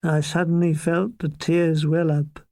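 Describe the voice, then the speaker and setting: A man's voice: on the high side, little pitch movement, darkish tone, no echo. An older man reading his own war memoir aloud in a dry, comic storytelling manner. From Ireland. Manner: dry comic storytelling, quick asides and mock voices. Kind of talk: memoir narration.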